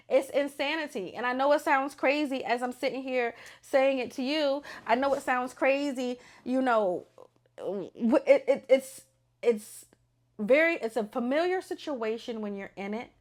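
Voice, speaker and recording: A young adult woman hosting a podcast, talking unscripted in a blunt, animated and profane way. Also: on the high side. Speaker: podcast host.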